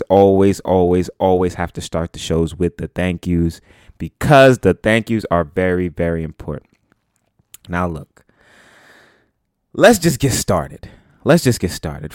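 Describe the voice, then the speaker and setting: Casting: young New man, lowish voice, rambly slangy podcast host, dry close sound. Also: no room sound. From New York City. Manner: rambling, animated, slangy, full of "like" and "bruh". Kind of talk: casual solo podcast talk.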